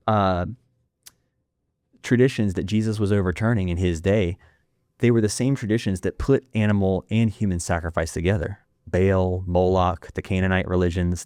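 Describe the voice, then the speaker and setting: A man, a filmmaker guest on a podcast, talking intensely in rapid bursts with frequent restarts. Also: sits low, darkish tone, no room sound, clean studio sound. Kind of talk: impassioned podcast interview.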